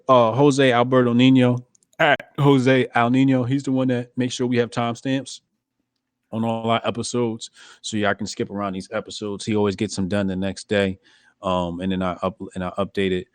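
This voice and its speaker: A man's voice: mid-range voice, fairly even intonation, normal speed, clean tone, no echo. A man hosting a casual podcast, talking bluntly and profanely and laughing often. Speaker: podcast host.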